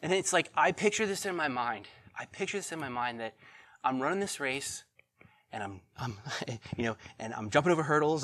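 A middle-aged man preaching a sermon as pastor, animated, swinging between loud bursts and hushed, tender passages. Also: medium pitch, normal speed.

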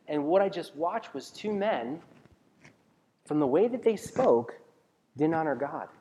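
A pastor preaches conversationally, asking the congregation questions and often restarting sentences. His slightly high, mellow, expressive voice goes a little slowly with long pauses, echoing with the long reverb of a large hall.

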